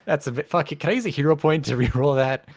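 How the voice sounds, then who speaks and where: A man's voice: a little high, quick pace, breathy edge, no echo, studio quality. A man playing a tabletop game, chatting casually and joking at his own expense. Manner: joking, self-mocking. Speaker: player.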